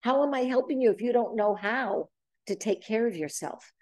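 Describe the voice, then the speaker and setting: A woman's voice: a little high, normal speed, no room sound. A woman in her seventies hosting a casual group talk, telling stories and acting out quoted lines. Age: 70s. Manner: animated storytelling, acts out quoted dialogue. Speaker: host leading a group talk. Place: boxing gym.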